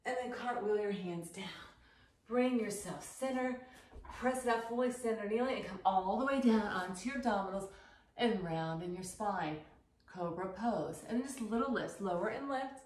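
A woman leading a yoga class, calmly cueing poses, counting holds and reminding the class to breathe. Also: mid-range voice, normal speed. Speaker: yoga instructor. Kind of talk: guided yoga class instruction. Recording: very echoey room, voice from a distance with faint noise.

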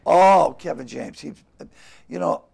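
An older man, a comedian guest telling stories in a casual interview and acting out the quotes with loud bursts. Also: fairly high pitch, a little slow, creaky, husky. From Boston. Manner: animated storyteller who acts out quotes with loud bursts.

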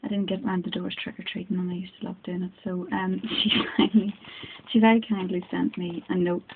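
A woman's voice: lowish voice, little pitch movement, a little fast. A woman with a Northern Irish accent chatting casually while unboxing craft goodies at home, gushing and full of fillers, recorded on a phone. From Northern Ireland. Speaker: crafting vlogger. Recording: tinny, noisy phone recording.

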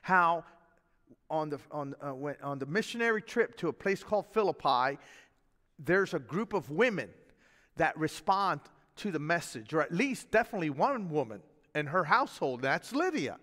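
A man preaching a sermon as pastor, in a folksy, animated way with chuckles and asides. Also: on the high side, normal speed, big-room sound. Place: church sanctuary.

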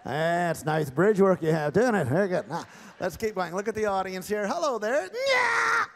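A man's voice: high voice, expressive, normal speed, big-room sound. A male ventriloquist on a large theatre stage, doing genial live comedy patter and teasing audience volunteers.

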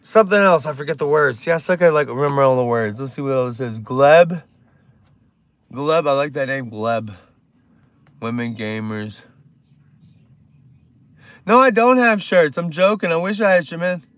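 A man chatting loosely on a livestream, cracking jokes and reading chat aloud. His voice sits fairly high for a man. The sound is close and dry, with no room echo. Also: lively intonation, moderate pace, pauses often, fairly bright tone. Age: older. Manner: rambling, joking, reads chat aloud. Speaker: livestream host.

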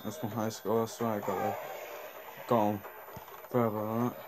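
A man's voice: fairly low pitch, level tone, moderate pace, noisy background. A young man casually commenting on a mobile game as he plays, talking to himself and reacting to what happens on screen. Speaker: gaming channel host.

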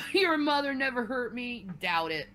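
A woman's voice: fairly high pitch, very animated, unhurried, pushed and bright, slight background noise. An enraged woman streamer in a furious, profane tirade, stammering as she repeats herself. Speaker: livestreamer. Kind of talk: angry livestream rant.

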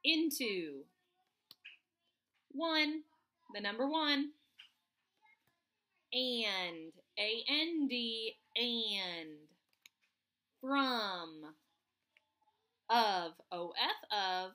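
A woman teaching first grade remotely, spelling sight words out slowly, letter by letter, to children. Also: a little high, expressive, bright, forceful tone. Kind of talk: remote phonics lesson for children.

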